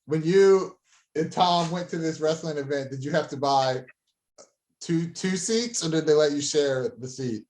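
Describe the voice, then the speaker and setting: A man's voice: on the high side, a little slow, darkish tone. A man co-hosting a casual podcast, asking teasing questions between laughs. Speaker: podcast co-host. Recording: echoey room sound.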